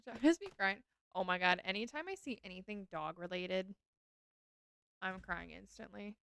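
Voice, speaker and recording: A woman's voice: mid-range voice, moderate pace, creaky, a bit bright, clean tone. A woman streaming a game, chatting casually with her viewers and gushing over cute animals.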